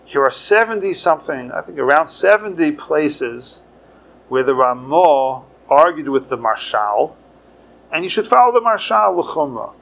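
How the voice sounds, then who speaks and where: Gravelly-voiced rabbi teaching a class. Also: male voice, on the high side, a little slow. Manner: conversational teaching, lively with sudden emphasis. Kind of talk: Torah lecture.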